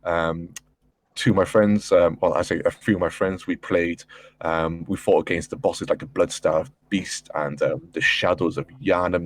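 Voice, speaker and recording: A low-voiced man with a husky edge chats on a gaming podcast. He swears freely and rambles in an excitable way, his voice climbing as he gets wound up in a story. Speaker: podcast panelist. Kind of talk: casual chat.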